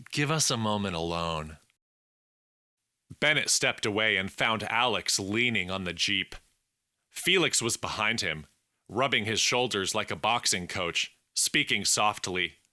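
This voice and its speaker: Man reading a novel slowly, bright and dry. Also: fairly low pitch, no room sound. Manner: measured, deliberate reading. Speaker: audiobook narrator. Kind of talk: scripted narration.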